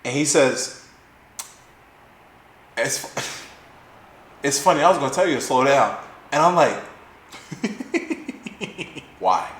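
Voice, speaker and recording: A young man hosting a podcast, telling a story in a profane, animated way and acting out the quotes. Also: mid-range voice, slow pace, pauses often. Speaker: podcast host. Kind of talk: casual storytelling chat. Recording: echoey room.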